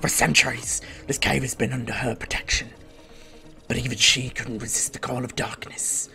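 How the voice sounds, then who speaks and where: A man voicing a mysterious male elf quest-giver in a strange put-on accent, low and hushed. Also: little pitch movement, normal speed, gravelly. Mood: grave, hushed.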